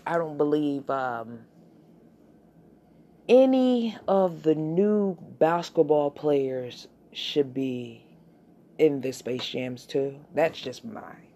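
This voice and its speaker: A woman hosting her own podcast, delivering a blunt, profane, animated solo rant. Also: deep voice, takes it slowly, a little hiss or hum. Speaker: podcast host.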